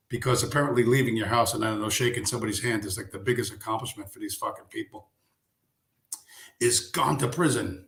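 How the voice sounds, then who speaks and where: A man's voice: fairly low pitch, fast, vocal fry, a bit bright, reverberant. A man hosting a live stream, ranting in a casual way, sarcastic and profane, firing off rhetorical questions.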